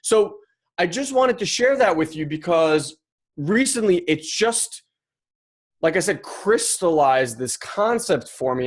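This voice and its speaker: A man hosts his podcast alone in a loose, casual monologue. He talks animatedly and slips into little acted-out voices for the thoughts he quotes. His voice sits a touch high for a man. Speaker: podcast host.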